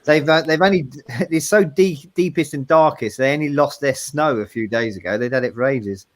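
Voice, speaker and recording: A man's voice: mid-range voice, normal speed, dry recording. A man with a South East London accent co-hosting a casual chat, joking and laughing often at himself. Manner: jokey, laughs often, self-mocking. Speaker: co-host.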